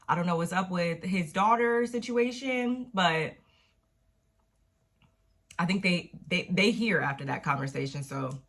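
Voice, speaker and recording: A woman recapping a TV episode in a casual, slangy, profane way, with animated retellings. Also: on the low side. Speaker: TV recap vlogger.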